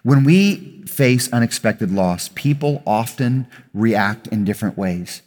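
A male pastor preaches conversationally to a congregation in a church hall with an audience, his medium-pitched voice animated but slow-paced. He grows louder and more emphatic as he makes points and sometimes corrects himself, and the hall sounds reverberant.

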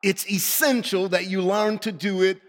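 A male pastor preaching a sermon, impassioned, swinging from pleading outbursts to hushed, earnest tones. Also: high-pitched, fairly even intonation, normal speed, long reverb tail.

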